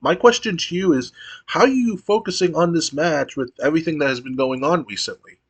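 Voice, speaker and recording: A polite male backstage interviewer read by a man in a game playthrough, asking formal questions. The voice is slightly high. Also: brisk, husky.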